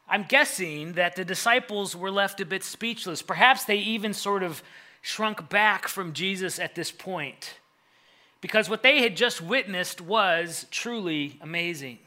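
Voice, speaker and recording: A man's voice: high voice, lively intonation, moderate pace, sharp tone. A man retelling a Bible story as a sermon, dramatizing the scene with rising urgency.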